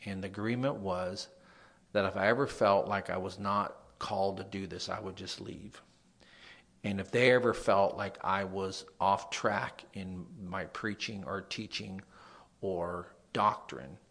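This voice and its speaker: A young pastor delivers a sermon in a low, nasal voice. He drops into quiet asides and then climbs to loud emphasis.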